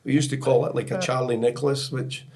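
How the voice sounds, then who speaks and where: Talking fast with fairly even intonation, this middle-aged man from Scotland has a mid-range, slightly mellow voice. He's a guest on a soccer podcast, telling rambling stories packed with "you know," restarts and frequent bursts of laughter.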